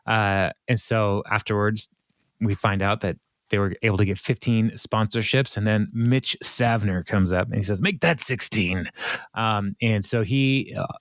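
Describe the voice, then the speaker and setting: A man hosting a podcast, casually recapping an episode, rambling with lots of ums and uhs and quick laughs. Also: on the low side, clear, resonant tone, dry recording, clean studio sound. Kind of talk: casual chat.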